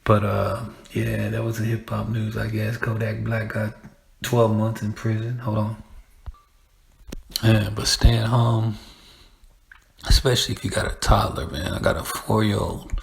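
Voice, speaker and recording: A man's voice: lowish voice, level tone, unhurried, creaky, pauses often, husky. A man hosting a podcast, rambling casually with profanity and laughing asides. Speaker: podcast host. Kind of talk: casual monologue.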